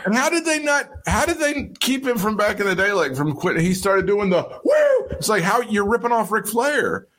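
A man's voice: high voice, lively intonation, fairly quick, a bit bright. A man co-hosting a podcast in casual chat, crude and joking, laughing often. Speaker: podcast co-host.

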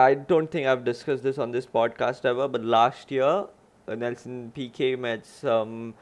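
A young man from India hosts his own podcast. He rambles through his commentary, trips over his words and corrects himself as he goes. His voice sits in an ordinary middle pitch. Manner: rambling, self-correcting, restarts often. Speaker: podcast host.

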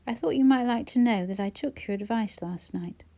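A calm, gentle schoolteacher man who teases kindly, spoken softly as a woman narrator reads him. The tone stays mellow and warm, with a quiet, low-key delivery from an audiobook reading. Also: normal speed, natural voice. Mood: gentle, teasing.

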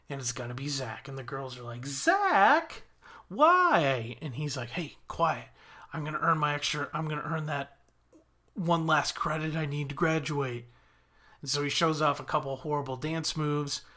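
A man casually recapping a TV episode as a podcast host, quoting characters' lines as he retells it. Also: fairly high pitch. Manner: animated retelling with quoted lines.

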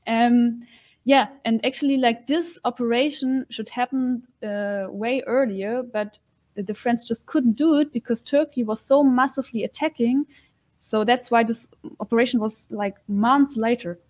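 A woman's voice: on the high side, normal speed, a little mellow, low-quality recording. A woman guest in an interview, speaking earnestly and sometimes searching for words. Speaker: guest, militia fighter.

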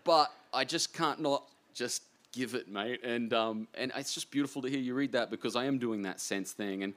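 Excitable rambling Australian man. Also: medium pitch, moderate pace. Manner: excitable, rambling, self-deprecating. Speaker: author guest. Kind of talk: casual interview chat.

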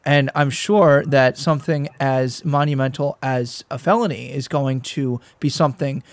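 A man's voice: mid-range voice, steady tone, moderate pace. A young man from the US Midwest and South with a mild Midwestern accent, hosting a casual interview, chatty, laughing easily and leaning on fillers. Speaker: podcast host.

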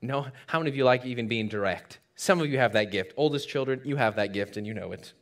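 A man preaching a sermon in a church, telling a story with dramatic swings from loud to hushed and joking asides to the congregation. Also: mid-range voice, quick pace. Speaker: pastor.

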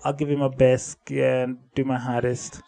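A man's voice: level tone, a little slow, creaky, warm tone. Rambling man hosting a solo podcast. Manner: rambling, self-correcting, drifts between upbeat and low-key. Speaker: podcast host. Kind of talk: casual solo podcast monologue.

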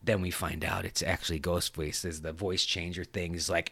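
A man hosting a podcast, retelling a film scene in a rambling, profane, animated way. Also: low voice, moderate pace, creaky, slightly rough, dry recording, clean studio sound. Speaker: podcast host. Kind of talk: casual film chat.

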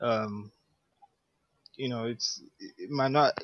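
A man co-hosting a relaxed podcast, talking hesitantly at a mid pitch with plenty of restarts and "um"s. His audio sounds slightly dull and lo-fi. The sound is dry. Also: takes it slowly, dry recording. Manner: hesitant, stammering with many "um"s. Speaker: podcast co-host. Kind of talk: casual chat.

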